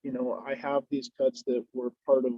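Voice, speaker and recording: A man's voice: medium pitch, completely flat delivery, normal speed, dry recording, dull audio. A man guesting on a podcast, chatting casually and telling rambling, laid-back stories while he smokes. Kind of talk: casual chat while smoking.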